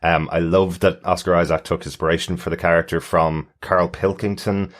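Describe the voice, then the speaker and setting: A man with a very low, deep voice, chatting casually as a podcast co-host. He talks in a relaxed, conversational way and lifts his voice when he quotes what other people said. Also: moderate pace.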